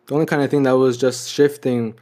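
Brief: young adult man, mid-pitched, reflective personal storytelling, filler-heavy. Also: fairly even intonation, fast, mellow. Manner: reflective, heavy use of "you know" and "like".

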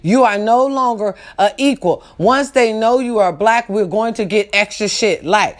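A woman's voice: mid-range voice, normal speed. Emphatic, profane woman podcast host. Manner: emphatic, profane, addresses listeners directly. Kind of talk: casual podcast rant.

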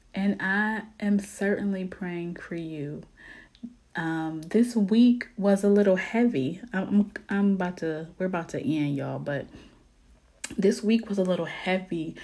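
A woman talking to her viewers in a casual, heartfelt chat about faith. She is earnest and sometimes drops to soft near-whispers before bursting into lively emphasis. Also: on the low side. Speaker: vlogger sharing her faith. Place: home in Ohio.

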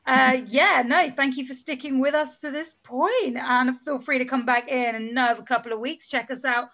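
A woman hosting a casual film podcast, her voice high and chatty. She is bubbly and teases herself as she signs off. The recording sounds slightly dull. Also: moderate pace, fairly bright tone. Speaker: podcast host. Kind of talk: casual podcast chat and sign-off.

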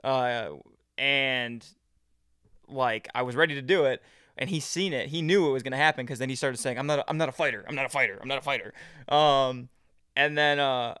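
A young man, a podcast guest, telling stories in casual chat, animated, swearing and laughing often. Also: medium pitch, brisk, clean tone, no room sound, studio quality.

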